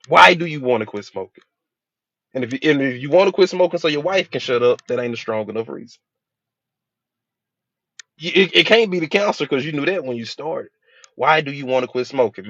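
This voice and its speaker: A mid-pitched man speaks as a hypnotherapist, in a casual, story-driven motivational talk full of acted-out quotes. The sound is dry and close, with a slightly dull, lo-fi tone. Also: lively intonation, brisk, pauses often, fairly bright tone, no room sound.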